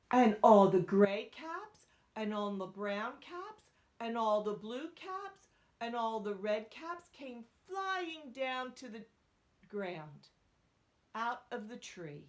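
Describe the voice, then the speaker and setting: Woman, storyteller, picture-book read-aloud, high voice, slow, questions to listeners, whispered asides. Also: a little mellow. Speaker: storyteller reading to children.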